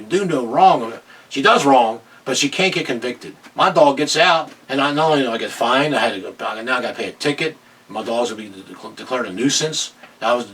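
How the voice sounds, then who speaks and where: A man's voice: medium pitch, a bit bright, slightly rough, distant mic, rough recording. A middle-aged man ranting angrily in a video commentary, agitated and repeating himself. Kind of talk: angry political rant.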